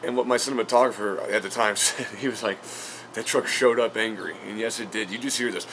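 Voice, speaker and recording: A man's voice: on the low side, fairly even intonation, fast, a bit bright, a little hiss or hum. A man hosting a podcast, telling a casual story full of fillers and offhand swearing. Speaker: podcast host and comedian.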